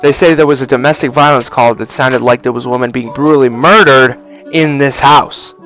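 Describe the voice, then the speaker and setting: A young man casually telling a story for a vlog, animated and swearing freely, on a cheap mic. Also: medium pitch, a little fast, faint music behind. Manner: animated, profane, acts out voices. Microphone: cheap low-quality mic.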